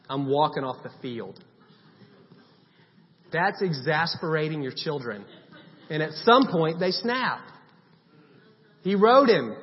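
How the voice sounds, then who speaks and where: A man preaching a sermon in a conversational way, stressing points by repeating short commands. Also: on the high side. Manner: conversational preaching with emphatic repetition. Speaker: pastor. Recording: long hall reverb, dull sound.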